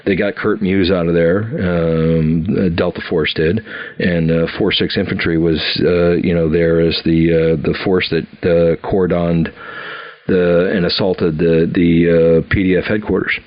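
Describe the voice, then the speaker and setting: Brief: low-voiced man in his fifties, rambling storyteller with lots of fillers, dull lo-fi audio. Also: level tone, measured pace. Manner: rambling, many "you know" fillers and restarts. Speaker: company founder telling his army story. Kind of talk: casual storytelling.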